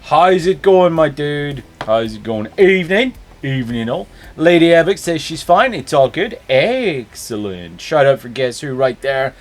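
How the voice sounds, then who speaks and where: A man's voice: on the high side, big pitch swings, measured pace, few pauses. A man with a Northern Irish accent hosting a live stream, chatting casually and greeting viewers by name. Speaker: streamer host.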